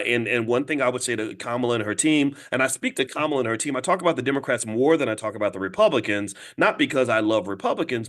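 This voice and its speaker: A commentator and host delivers a fast political monologue, addressing listeners directly and asking them to respond. He speaks emphatically, stopping and restarting words, and his slightly bright voice jumps sharply high when he makes a point.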